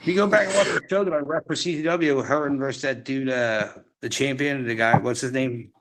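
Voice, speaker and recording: A man's voice: medium pitch, fairly even intonation, fairly quick, fairly bright tone, poor audio. Man, interview guest, rambling casual stories, lots of fillers and laughs. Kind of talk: casual storytelling chat.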